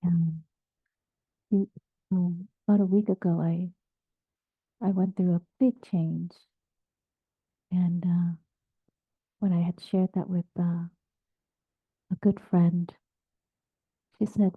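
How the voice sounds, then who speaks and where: A woman meditation teacher giving a dharma talk in a gentle, halting way, often dropping to a near-whisper. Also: lowish voice, little pitch movement, husky, no echo. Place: meditation group session, also on video call. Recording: tinny phone-like sound.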